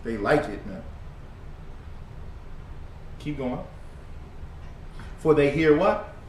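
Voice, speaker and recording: Animated teacher leading a class from across an echoey room. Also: male voice, a little high, drawn-out words, a little hiss or hum. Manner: call-and-response, slangy and conversational. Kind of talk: religious brotherhood class. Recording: roomy room, distant mic.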